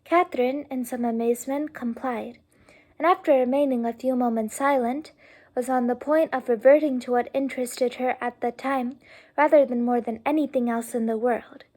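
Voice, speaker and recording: A woman reading a classic novel aloud softly and unhurriedly, tired and yawning. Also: on the high side, fairly even intonation, normal speed. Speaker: audiobook reader.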